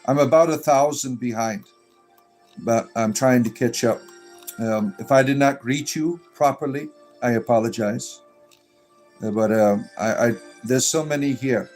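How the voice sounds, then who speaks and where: A man with a medium-pitched, darkish voice hosts a pagan clergy livestream, speaking a little slowly as he reads chat comments aloud and responds. He sounds exasperated and sarcastic, filling his talk with ums and uhs, while faint music plays behind him.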